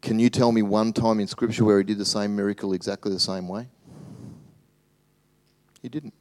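A man preaching a sermon as pastor, swinging between loud animated bursts and hushed, tender asides. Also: on the low side, moderate pace.

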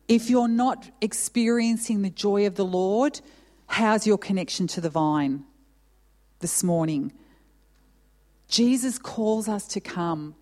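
A woman's voice: mid-range voice, slow pace, pauses often, darkish tone. A woman pastor preaching a sermon, earnest and emotional, asking rhetorical questions of her congregation. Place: church. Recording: long hall reverb.

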